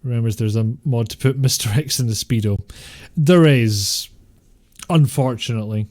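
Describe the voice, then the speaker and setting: A man's voice: medium pitch, moderate pace, a little mellow. A man streaming a video game, rambling and joking with chat and swearing often. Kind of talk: casual gameplay commentary.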